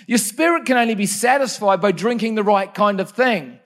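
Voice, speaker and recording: Brief: earnest male preacher, high-pitched, personal and conversational sermon delivery. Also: normal speed. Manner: earnest, personal storytelling with self-correcting asides. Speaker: pastor.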